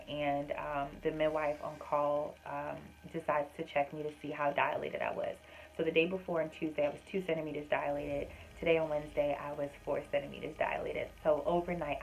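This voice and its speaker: A woman's voice: low voice, darkish tone, rough recording. A woman vlogger telling a personal story in a casual, earnest, chatty way, with many fillers. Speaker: vlogger and homemaker.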